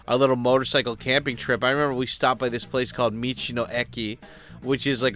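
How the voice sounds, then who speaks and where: A man's voice: medium pitch, fairly bright tone. A man giving loose, rambling commentary as a YouTube host, full of fillers and casual swearing.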